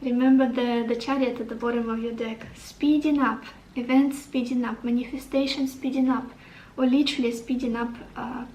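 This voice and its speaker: A woman's voice: a little high, fairly even intonation, moderate pace, few pauses, darkish tone, echoey room, recorded from a distance, slight background noise, rough recording. A woman giving a tarot reading to the camera, upbeat and encouraging, thinking aloud as she turns over cards. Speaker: tarot reader.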